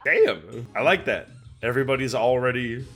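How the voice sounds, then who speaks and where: Male reaction host, bright tone, easygoing chatter, quick to laugh, salty language. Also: medium pitch, faint music behind. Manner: excitable, laughs often, swears casually. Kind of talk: casual reaction commentary.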